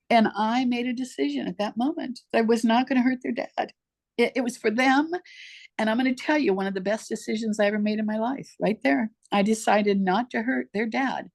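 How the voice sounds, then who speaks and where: A woman's voice: medium pitch, lively intonation, normal speed, vocal fry, darkish tone. An older woman telling her life story as an interview guest, emphatic and heartfelt, talking straight to the host. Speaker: podcast guest.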